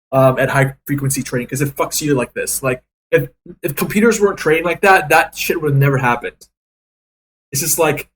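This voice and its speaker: A man's voice: on the high side, slight background noise. A young man giving live, profanity-laden commentary on his day trades, frustrated and ranting.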